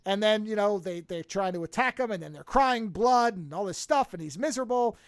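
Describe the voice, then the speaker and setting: Animated podcast host recapping a film. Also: medium pitch, a little fast, no echo, clean studio sound. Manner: animated, acts out quotes with shifting voices. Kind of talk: casual retelling of a movie plot.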